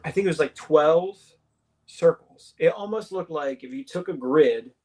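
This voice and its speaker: A man's voice: a little high, lively intonation, normal speed, darkish tone. A man, a radio show guest, telling a story casually and acting out the dialogue, with many restarts.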